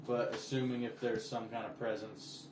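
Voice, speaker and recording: A woman's voice: rumbling low, flat delivery, moderate pace, reverberant, recorded from a distance, background noise. A woman playing in a tabletop game, asking curious questions about what her character knows. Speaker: player. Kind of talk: casual tabletop game chat.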